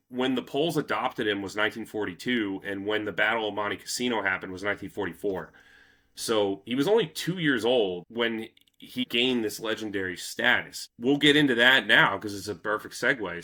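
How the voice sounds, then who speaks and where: A man hosting a casual history podcast, telling the story in a loose, profane, animated way. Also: lowish voice, moderate pace. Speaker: podcast host.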